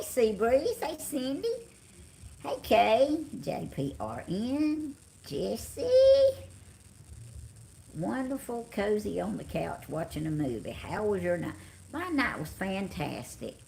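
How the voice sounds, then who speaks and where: Slow and creaky, a middle-aged woman's mid-range voice swings widely in pitch over slight background noise. She has a Southern accent from Georgia, US, and yawns tiredly on her couch at home, chatting on a live stream and welcoming viewers by name.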